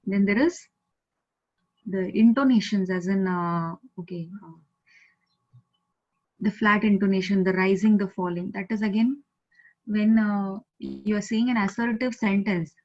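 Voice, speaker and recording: Indian woman, patient teacher, mid pitch, repeats each word slowly, video call audio a bit dull. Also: steady tone, a little mellow. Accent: Indian English. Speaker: Japanese language teacher. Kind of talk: online language lesson.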